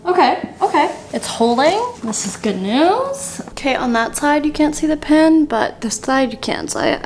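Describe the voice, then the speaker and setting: A woman's voice: fairly high pitch, slight background noise. A young woman vlogging casually as she sews and pins a dress, chatty and bubbly, talking to herself as she works. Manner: chatty, bubbly and self-talking while crafting. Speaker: sewing vlogger. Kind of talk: casual DIY vlog narration.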